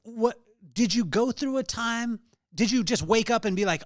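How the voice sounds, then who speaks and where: High-voiced joking male host. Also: brisk, no room sound, studio quality. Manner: joking, playful questions. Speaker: podcast host. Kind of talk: casual interview chat.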